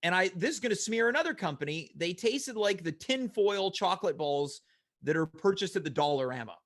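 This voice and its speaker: A man's voice: high voice, expressive, brisk, fairly bright tone. A man hosting a casual talk show, rambling in a wry, mock-serious way. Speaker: host. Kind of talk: casual chat.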